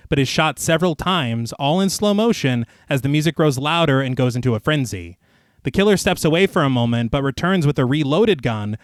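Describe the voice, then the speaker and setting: A man's voice: medium pitch, no echo, studio quality. A man co-hosting a podcast, recapping a film scene by scene and adding chatty asides, laughing often.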